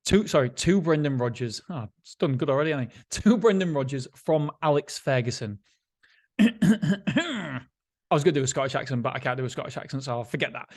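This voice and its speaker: A man's voice: medium pitch, animated, brisk. A man hosting a podcast, talking in a casual motivational monologue, blunt and candid with free swearing, often repeating himself and restarting sentences. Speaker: podcast host.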